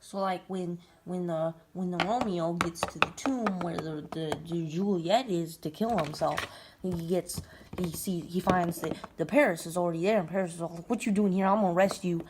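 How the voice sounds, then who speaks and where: A woman's voice: on the low side, moderate pace. A young woman telling a comic, rambling retelling full of filler words. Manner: rambling, filler-heavy valley-girl talk. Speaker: storyteller. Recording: noisy recording with clicks.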